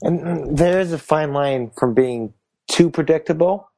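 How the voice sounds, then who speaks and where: A man's voice: fairly high pitch, unhurried, vocal fry, warm tone. Casual man co-hosting a film podcast. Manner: casual, agreeing and adding to his co-host. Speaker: podcast co-host.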